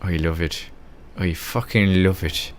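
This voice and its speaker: Australian man, drunk, livestreamer, sweary rambling chat, slow delivery. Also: deep voice, steady tone, a little hiss or hum. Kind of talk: casual chat while gaming.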